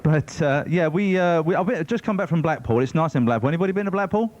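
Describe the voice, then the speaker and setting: A man's voice: on the high side, quick pace, a little mellow. A man doing stand-up one-liners on a club stage, with a hesitant delivery full of fillers. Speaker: stand-up comedian. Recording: dull, noisy TV broadcast recording.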